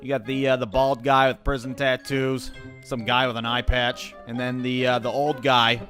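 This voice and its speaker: A man's voice: mid-range voice, flat delivery, moderate pace, fairly bright tone, soft background music. A young man telling comic childhood stories in a profane, exasperated, punchy way. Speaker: comedic storyteller. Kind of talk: animated comedic storytelling.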